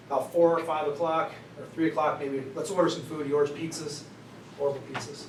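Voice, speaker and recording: A middle-aged man giving an animated storytelling talk to students in a lecture room, with frequent "right?" asides. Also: fairly high pitch. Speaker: guest speaker. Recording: roomy, distant mic, faint noise.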